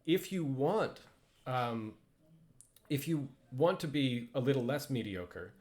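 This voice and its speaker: A man's voice: medium pitch, expressive, slow pace, a little mellow. A man casually teaching pronunciation over slides, hesitant and self-deprecating, with frequent ums and restarts. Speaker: language instructor.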